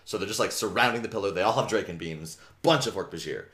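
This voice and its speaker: A man's voice: on the low side, fast, a bit bright. A man casually retelling a book's plot on a podcast, acting out the characters' lines and swearing freely. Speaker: podcast host recapping a book. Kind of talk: casual chat with read-aloud passages.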